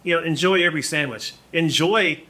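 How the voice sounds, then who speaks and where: A man in his forties, a musician guest on a podcast, telling stories in a casual, animated way, acting out quotes and restarting phrases often. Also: on the high side, brisk. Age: 40s. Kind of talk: casual storytelling.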